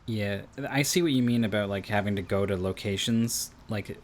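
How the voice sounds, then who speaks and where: A man's voice: on the low side, normal speed. A man streaming a video game, chatting casually and thinking aloud. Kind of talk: casual let's-play commentary.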